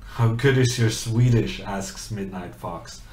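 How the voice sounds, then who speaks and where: A man's voice: lowish voice, slow, darkish tone, reverberant. A man streaming chess, chatting in a rambling way and reading viewers' questions aloud. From Norway. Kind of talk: casual commentary while playing chess.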